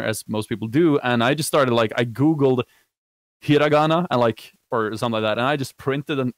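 A young man from Sweden, talking in accented English with a friendly, soft voice. He wanders through his answers with many fillers and self-corrections, and the sound is dry and close. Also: medium pitch, no room sound. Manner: rambling with many fillers and restarts. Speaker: guest, Japanese learner. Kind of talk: casual video call chat.

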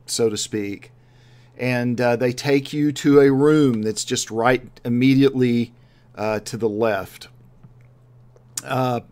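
Slow, halting male game master. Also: medium pitch, a little mellow. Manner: hesitant, many fillers and restarts while describing scenes. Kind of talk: narrating a tabletop game.

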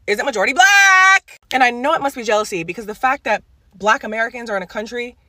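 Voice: medium pitch, pushed and bright, dry recording. A speaker giving an assertive, sarcastic opinion monologue for social media.

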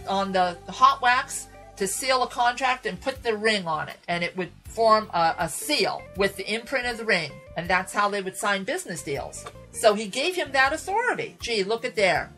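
A woman radio Bible teacher retelling a Bible story in a dramatic, animated way, speaking to listeners as folks. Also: a little high. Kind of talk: sermon storytelling.

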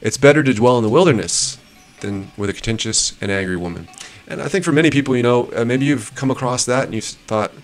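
A man's voice: mid-range voice, faint music behind. A man reading passages aloud and adding his own rambling, casual commentary with frequent restarts. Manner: shifts between measured reading and rambling asides with restarts. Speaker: host reviewing marriage advice.

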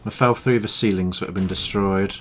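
Calm low-voiced gaming narrator. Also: male voice, brisk, slight background noise. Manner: calm, explanatory, matter-of-fact. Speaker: gaming YouTuber. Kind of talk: gameplay commentary.

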